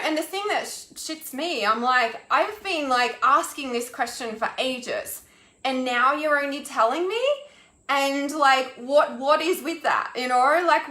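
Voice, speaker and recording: A woman's voice: high-pitched, bright, forceful tone, roomy sound. A woman, an intuitive healer, ranting on a live stream, exasperated and swearing, with lots of restarts and "like". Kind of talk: angry live-stream rant.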